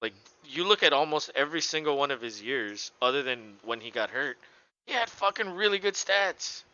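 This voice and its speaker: A man's voice: mid-range voice, moderate pace, highs cut off. A man co-hosting a sports podcast, ranting casually with lots of swearing and mocking impressions. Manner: animated, profane ranting with mocking voices. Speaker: podcast co-host.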